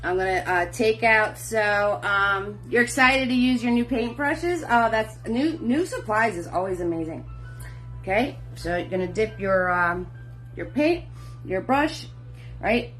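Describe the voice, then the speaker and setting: A woman's voice: medium pitch, expressive, unhurried, a bit bright. A middle-aged woman teaching a live online painting class, chatty and encouraging, greeting viewers by name and calling them sweetheart and hun. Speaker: painting instructor. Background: faint music.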